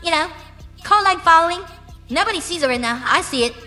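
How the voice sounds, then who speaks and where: Her voice is very high, expressive, bright and forceful as this UK musician chats casually in an interview, loud-mouthed and profane. Emphatic phrases get drawn out, all captured in an echoey room with background music.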